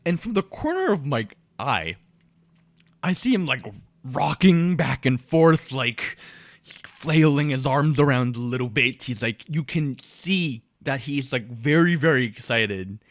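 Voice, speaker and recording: A young man on a podcast tells a long, rambling story with a lively, swooping voice. He stops to restart his sentences and acts out what other people said. He is recorded close to the mic in a dry, dead room. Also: medium pitch, a little slow, no room sound. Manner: animated, many fillers and restarts, acts out quotes. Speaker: podcast co-host. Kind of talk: casual storytelling chat.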